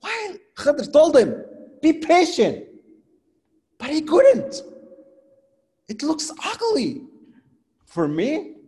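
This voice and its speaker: A man preaching a sermon and telling a story animatedly, dropping from loud to quiet, with non-native phrasing. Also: very high-pitched, wildly swooping pitch, slow pace, long pauses. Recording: long hall reverb.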